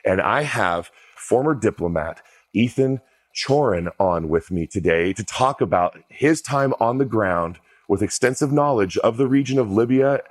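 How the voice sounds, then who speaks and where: Male podcast host, low voice, dry close sound, easygoing and chatty. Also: lively intonation, unhurried, dry recording. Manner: loose, conversational, many fillers and restarts. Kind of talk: casual interview.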